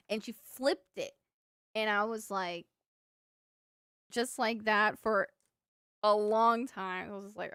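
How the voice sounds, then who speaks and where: A woman's voice: medium pitch, steady tone, measured pace, long pauses, sharp tone, clear, resonant tone, no echo, studio quality. A young woman livestreaming, telling childhood stories to her chat in a rambling, filler-heavy way. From Cuban family. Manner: rambling storyteller, lots of fillers, laughs at own stories. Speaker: livestream streamer. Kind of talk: casual chat with viewers.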